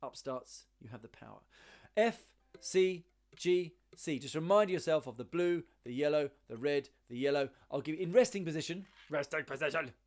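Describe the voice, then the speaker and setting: A man's voice: on the high side, animated, moderate pace, a little mellow. A man teaching a ukulele lesson, encouraging, counting beats aloud and singing along. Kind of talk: online music lesson.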